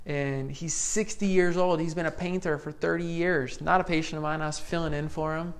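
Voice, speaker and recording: A man who works as a chiropractor, giving an energetic motivational health talk to a live audience. He speaks emphatically in casual, slangy phrases and repeats his key lines. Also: fairly high pitch, brisk.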